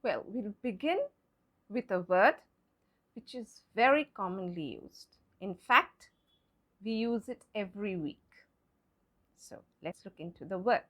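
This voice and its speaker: A woman's voice: medium pitch, expressive, unhurried, pauses often, fairly bright tone. A woman teaching an English pronunciation lesson as a non-native speaker, explaining patiently and spelling words out letter by letter. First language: not English.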